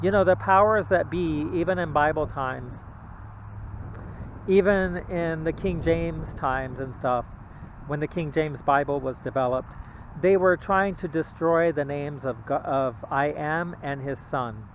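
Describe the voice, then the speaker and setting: A man giving an informal Bible talk, halting and repetitive, often checking in with the listener. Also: a little high, a little hiss or hum. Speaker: religious video presenter. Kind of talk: informal Bible teaching monologue. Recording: tinny phone-like audio.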